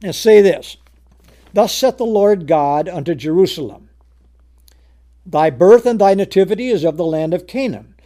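A man with a high-pitched, lively voice preaches at a moderate pace, pausing often. He reads scripture in old-fashioned wording and explains it plainly, repeating words and rising to loud emphasis on the key ones.

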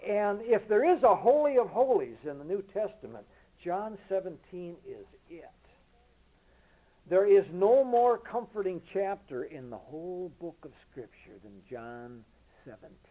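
A man preaching a sermon with emphasis, rising to loud declarations and dropping to low murmurs, reading scripture slowly and deliberately. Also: very animated, low-quality recording. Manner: reads King James scripture slowly and deliberately.

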